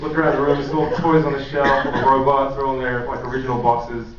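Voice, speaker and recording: A man, telling stand-up stories in a halting, self-deprecating way with many fillers. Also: mid-range voice, flat delivery, a crowd in the background. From Australia. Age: 20s. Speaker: stand-up comedian. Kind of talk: stand-up comedy. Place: large comedy venue. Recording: echoey distant live hall, muffled.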